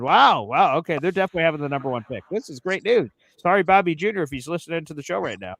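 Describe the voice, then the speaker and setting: Brief Male New sports podcast host, raised pitch, casual and excitable. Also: rapid-fire, gravelly, few pauses, no room sound. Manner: excitable, mocking, chatty. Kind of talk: casual sports talk show.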